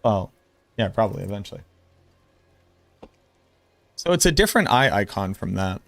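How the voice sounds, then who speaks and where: A man streaming, giving casual commentary in a blunt, excitable way and swearing freely. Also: lowish voice, moderate pace, gravelly, no echo.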